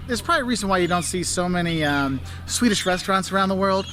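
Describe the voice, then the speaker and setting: A man's voice: sits high, expressive, fast. A man hosting a travel advice video, talking enthusiastically, laughing often and putting on silly voices.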